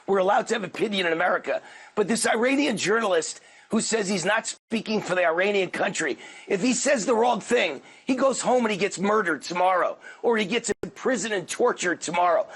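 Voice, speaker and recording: A man on a televised news panel, speaking in a forceful, emphatic, indignant way over a remote video link. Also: high-pitched, husky. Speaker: panelist, commentator. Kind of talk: heated panel debate.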